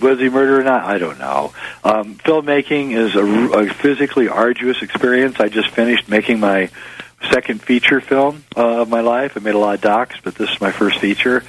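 A man's voice: fairly low pitch, slightly rough, dry recording, poor audio. A man being interviewed as a guest filmmaker, musing and hesitant, with many fillers. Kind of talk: interview conversation.

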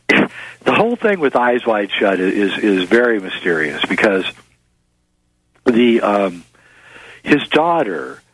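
A man's voice: low-pitched, slightly rough, low-quality recording. A man being interviewed as a guest filmmaker, musing and hesitant, with many fillers. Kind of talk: interview conversation.

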